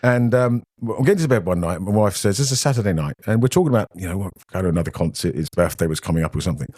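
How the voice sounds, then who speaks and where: British male guest, low voice, close and dry, chatty rambling storyteller who mimics the voices of the people in his stories. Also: animated, rapid-fire, a little mellow, no room sound. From Britain. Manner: rambling anecdotes, often acting out quoted voices. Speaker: podcast guest. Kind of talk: casual storytelling.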